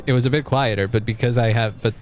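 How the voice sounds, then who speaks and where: A man's voice: mid-range voice, fairly even intonation, a little fast, a little mellow, slight background noise. A male streamer casually commenting on a game as he plays and chatting with his viewers. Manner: chatty, reactive, talks to chat. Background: faint game music.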